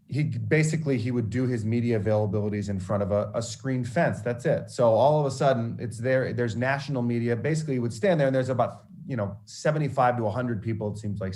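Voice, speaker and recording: A man whose voice sits fairly low tells students candid stories about mentorship and failing, drawing on his work as a sportscaster. It's an animated mentoring talk, and he frequently stops and restarts his sentences.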